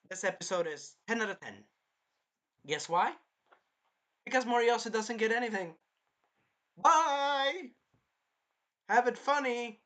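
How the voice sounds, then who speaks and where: A man talks through an anime episode in a loose, rambling recap, tossing in jokes as he goes. His voice is bright and sits a little high. It swoops around a lot in pitch. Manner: rambling, animated, jokey. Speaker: anime reviewer.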